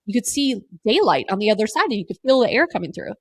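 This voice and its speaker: A woman's voice: fairly high pitch, big pitch swings, fast talker, no echo. A woman in her thirties hosting a podcast, telling a raw personal story with plenty of fillers and casual swearing. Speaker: podcast host.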